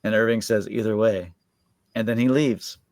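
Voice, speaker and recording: A man with a fairly low voice walks through an episode recap in loose, rambling chat, stringing thoughts together with constant filler words. His voice sounds dry and close, with no room around it. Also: steady tone, normal speed, darkish tone, no room sound. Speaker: podcast co-host.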